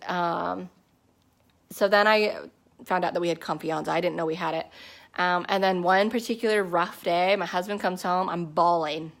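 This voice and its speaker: A woman in her thirties, a network marketing distributor, shares her personal story with her team in a relaxed, chatty way, full of fillers and restarts. Her voice sits on the low side with a fairly bright tone.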